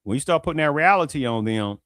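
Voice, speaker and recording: A man's voice: on the high side, lively intonation, quick pace, a bit bright, no echo. A man hosting his own show, talking in a casual commentary monologue and asking rhetorical questions like "right?" again and again. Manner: rhetorical, repeats "right?" and "do you understand that?". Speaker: show host.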